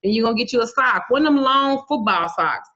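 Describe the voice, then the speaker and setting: A woman's voice: fairly high pitch, lively intonation, brisk, bright, forceful tone. A woman teaching a casual online herb class in a blunt, bawdy, profane way. She jokes as she teaches and spells out herb names letter by letter. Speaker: herbal and spiritual teacher. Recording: muffled lo-fi sound.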